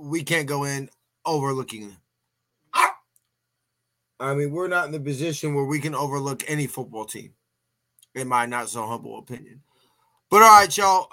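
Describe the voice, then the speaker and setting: A man's voice: a little high, bright, forceful tone. A man hosting a casual sports podcast, chatty and folksy, often restarting his sentences and sounding a bit tired. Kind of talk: casual sports talk show.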